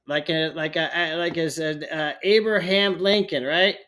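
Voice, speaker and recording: A man's voice: a little high, steady tone, measured pace, hardly any pauses, pushed and bright. A man ranting heatedly in a political commentary vlog, often stumbling over his words.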